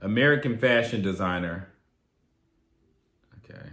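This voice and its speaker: A man's voice: mid-range voice, expressive, normal speed, roomy sound. A man hosting a casual recap of a reality TV show, sassy and blunt, with profane slangy asides. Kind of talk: casual video recap commentary.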